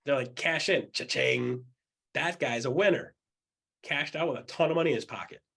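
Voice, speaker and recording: A man's voice: a little high, fast, slightly rough. A man coaching a group of real estate agents in a blunt, joking way, acting out the voices he quotes and repeating his points. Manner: animated, acts out quoted voices; blunt, jokey, repeats himself.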